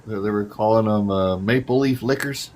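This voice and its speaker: Low-voiced chatty man, noisy line. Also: moderate pace, darkish tone. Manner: chatty, chuckling. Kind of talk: casual live-stream chat.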